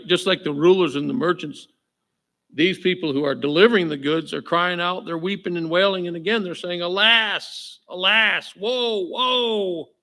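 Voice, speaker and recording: A man preaching a sermon as pastor, joking with the crowd and checking in with "right?", then reading scripture aloud slowly and with emphasis. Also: a little high, a bit bright. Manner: jokey, keeps asking the crowd "right?". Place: church.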